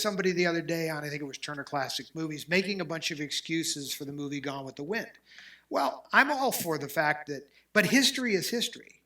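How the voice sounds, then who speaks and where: A male host talks in a relaxed but animated way, opinionated and full of restarts. His voice is bright and forceful and sits a bit high for a man. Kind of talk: casual chat.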